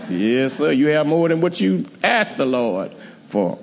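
A man preaching a sermon in a church, rising to high, emphatic climaxes. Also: lively intonation, measured pace, creaky. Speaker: pastor. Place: church sanctuary. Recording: church hall reverb.

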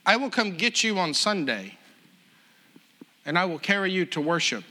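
A man voicing a big, friendly seventeen-year-old who speaks slowly in plain, earnest phrases. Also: sits high, very animated, pushed and bright, heavily acted.

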